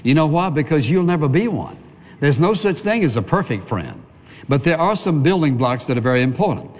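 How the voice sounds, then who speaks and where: A man's voice: on the high side, sing-song, fairly quick, in a large hall. A man preaching a sermon in a conversational style, calling on the congregation to answer amen.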